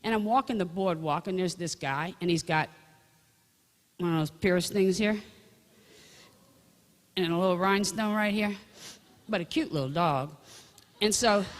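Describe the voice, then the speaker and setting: Older woman telling chatty faith anecdotes, echoing. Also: fairly low pitch. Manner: chatty, rambling anecdotes addressed straight to listeners. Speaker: Catholic speaker giving testimony. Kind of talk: storytelling faith talk. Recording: long echoing reverb.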